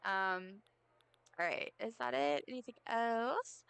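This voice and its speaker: A young woman takes it slowly as she streams a game, chatting, rambling and mocking herself. Her mid-range voice is expressive, smooth and fairly bright.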